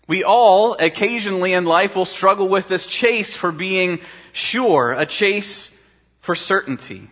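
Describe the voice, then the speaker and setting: A pastor preaches with a bright, forceful voice that sits a little high for a man. He keeps a conversational tone and poses rhetorical questions to his listeners. Long reverb rings around him. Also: expressive, measured pace. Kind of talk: sermon.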